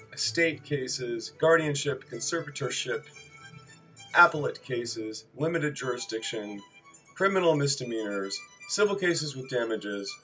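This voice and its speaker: On a low-quality recording, a man with a medium-pitched, slightly bright voice reads terse civil procedure study notes aloud as a list. He adds wry asides and backtracks apologetically.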